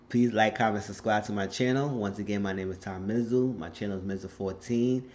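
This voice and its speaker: Outspoken man with a low voice. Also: steady tone, a little fast, few pauses, a little mellow, muffled recording. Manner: outspoken, profane, indignant. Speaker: recap vlogger. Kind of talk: casual TV episode recap.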